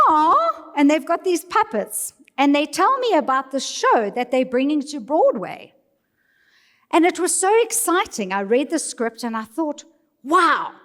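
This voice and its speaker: A middle-aged woman with a South African accent, telling a personal story to a live audience in an animated, playful way. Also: high voice. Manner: animated, playful, quotes people in put-on voices. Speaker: speaker. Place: large hall. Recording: long reverb of a large hall.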